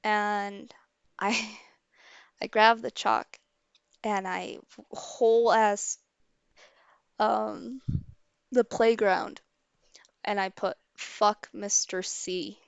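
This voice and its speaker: A young woman with a gravelly, creaky edge to her mid-pitched voice, recounting a story on a livestream. She talks casually, swears freely and acts out what people said. The sound is dry and close. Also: fairly even intonation, drawn-out words, long pauses, no echo, dull audio.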